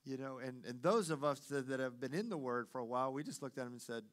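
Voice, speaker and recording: A man preaching as a pastor, telling a personal story in a lively way and acting out the voices of the people in it. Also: medium pitch, quick pace. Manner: animated storyteller, acts out quoted voices. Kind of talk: sermon with storytelling.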